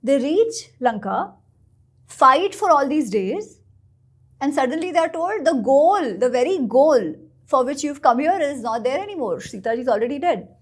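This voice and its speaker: A woman, a guest author, telling stories in an animated and expressive way during an interview. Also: sits high, normal speed. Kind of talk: storytelling in a podcast interview.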